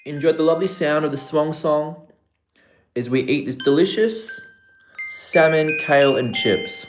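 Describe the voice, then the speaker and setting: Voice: mid-range voice, a little slow. Upbeat Australian streamer, roomy sound. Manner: upbeat, greets viewers by name, playful shout-outs. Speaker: livestream host. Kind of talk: casual live-stream chat. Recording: roomy room with music playing. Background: background music.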